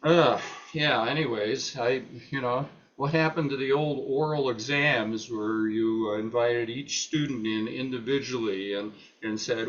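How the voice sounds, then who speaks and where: Older man, halting talk with many fillers. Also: medium pitch, fairly even intonation, a bit bright, muffled recording. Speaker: retired professor presenting at a meeting. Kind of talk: unscripted talk.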